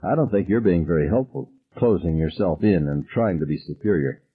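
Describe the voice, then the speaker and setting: Cold, superior teen girl who lectures, read by a man; husky voice. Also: sits low, a little fast, phone-quality sound.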